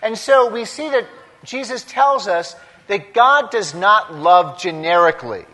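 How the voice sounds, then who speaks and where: A priest preaches with a fairly high voice, taking his time and pausing between short, emphatic phrases. His words ring out with the long reverb of a large church. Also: animated, sharp tone. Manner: slow, deliberate delivery in short emphatic phrases. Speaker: priest giving a homily. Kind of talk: sermon.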